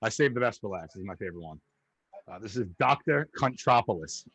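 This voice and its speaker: Laughing New York podcast host. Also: male voice, lowish voice, animated, fast talker, fairly bright tone, slightly rough, dry recording. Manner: laughs a lot, reads out gag names letter by letter. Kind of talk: casual podcast interview.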